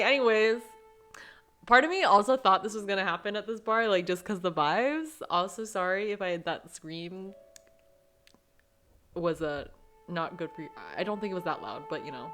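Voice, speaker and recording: A woman's voice: mid-range voice, moderate pace, a bit bright, faint music behind. A woman hosting a gaming channel, gushing and giggling through her playthrough commentary and saying "like" often.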